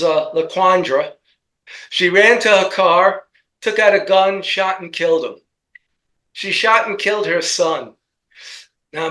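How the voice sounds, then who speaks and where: A man co-hosting a casual commentary chat, talking in a rambling, halting way with many restarts. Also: high-pitched, a bit bright, rough recording. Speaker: co-host.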